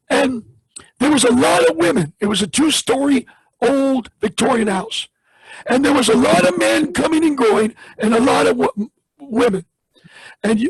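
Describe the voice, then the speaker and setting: A man preaching as he tells a testimony story, acting out each person in it with big swings of pitch. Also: husky, no echo, rough recording. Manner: dramatic retelling, acts out the voices in the story with big pitch swings. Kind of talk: sermon storytelling.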